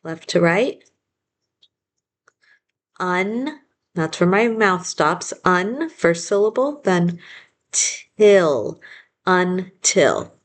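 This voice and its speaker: A woman teacher giving a phonics lesson, slowly sounding out each word syllable by syllable and modeling the spelling aloud. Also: fairly low pitch, expressive. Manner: slow and deliberate, sounding out syllables.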